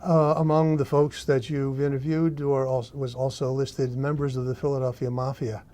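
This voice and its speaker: A man's voice: medium pitch, flat delivery, normal speed, dark tone. A man hosting a talk show, asking hesitant questions and giving short affirmations. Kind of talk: interview questions.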